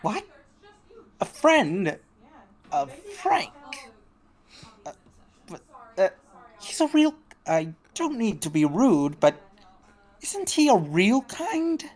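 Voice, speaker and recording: A woman voicing a fancy, snooty male paper toon with a high, flustered, haughty manner. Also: sing-song, takes it slowly, long pauses, darkish tone.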